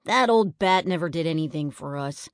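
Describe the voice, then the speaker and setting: A woman's voice: deep voice, lively intonation, moderate pace, clean tone, no room sound, clean studio sound. A woman voicing a grumpy, sarcastic young boy who whines and mutters in a children's storybook. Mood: grumbling. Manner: whiny, sarcastic.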